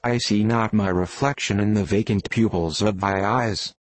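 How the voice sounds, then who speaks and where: A man's voice: fairly low pitch, fairly even intonation, moderate pace, dry recording, natural voice. A man voicing an obsessed old sea captain in an audiobook, speaking in grand, archaic declamations. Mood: stern.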